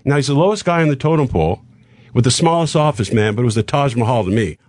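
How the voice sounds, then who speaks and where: Older man spinning a lively showbiz anecdote. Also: medium pitch, no room sound, studio quality. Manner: animated anecdote with acted-out dialogue and quick asides. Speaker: guest comedian telling a story. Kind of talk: casual storytelling on a talk show.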